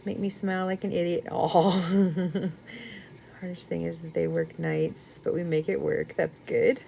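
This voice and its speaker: A young woman chatting casually on a crochet live stream at home. She rambles, laughs often and sometimes drops to a soft murmur. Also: lowish voice, steady tone, measured pace, creaky, a little hiss or hum.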